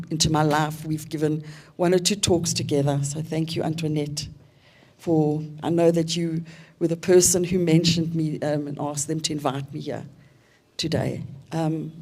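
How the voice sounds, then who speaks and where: A South African woman in her fifties, giving a reflective personal testimony as an invited seminar speaker, with pauses and fillers. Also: on the low side, darkish tone.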